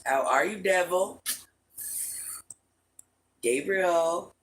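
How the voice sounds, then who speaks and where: A woman's voice: fairly low pitch, very slow, rough recording. An older woman hosting a casual livestream from home, chatting with viewers and greeting them with pet names. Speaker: livestream host.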